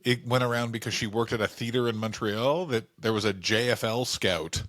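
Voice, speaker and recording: A man's voice: mid-range voice, a little fast, fairly bright tone. A male comedian co-hosting a podcast, telling stories animatedly with swearing and mock voices. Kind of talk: casual comedic chat.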